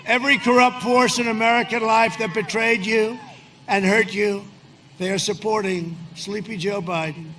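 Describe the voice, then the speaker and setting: A man giving a rambling, boastful rally speech outdoors in cold wind, often shouting to a crowd. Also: sits high, steady tone, moderate pace. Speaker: politician speaking at a rally. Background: large cheering crowd and wind.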